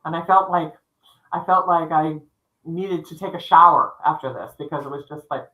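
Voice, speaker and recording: With a low-pitched, slightly bright voice at a moderate pace, a middle-aged woman tells a spooky personal story while co-hosting a livestream as a psychic storyteller. Her casual telling rambles, restarts, and acts out what people said, and the recording is low quality.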